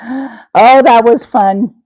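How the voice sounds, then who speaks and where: Woman live stream host, high and unhurried, giggly, chatty with viewers, dry close sound. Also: mellow, dry recording, low-quality recording. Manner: giggly, addresses chat viewers by name. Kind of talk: rambling comedic live chat.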